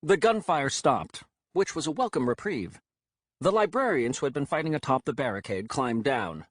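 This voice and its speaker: A man narrating an audiobook in an expressive, wry storytelling manner. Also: medium pitch, normal speed, dry recording, studio quality. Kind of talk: scripted narration.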